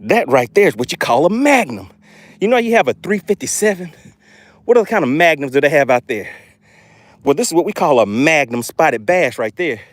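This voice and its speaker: A man streaming live from a fishing boat, breathless and excitable, his voice leaping up and down as he calls out to his viewers. The sound is dry and close, with no room around it. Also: fairly high pitch, no room sound. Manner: excitable, keeps exclaiming and addressing viewers as guys. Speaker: fishing channel host.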